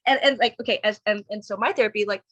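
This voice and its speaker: A woman's voice: mid-range voice, fast, fairly bright tone. A woman in her thirties, a podcast guest chatting casually and candidly, full of fillers and restarts, acting out her own past thoughts. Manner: rambling, many fillers and restarts. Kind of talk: casual conversation.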